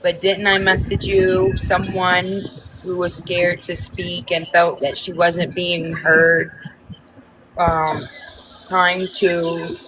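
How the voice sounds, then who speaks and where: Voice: medium pitch, sharp tone, a little hiss or hum, rough recording. A guest on a live stream, speaking hesitantly with fillers. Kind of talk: casual live-stream chat.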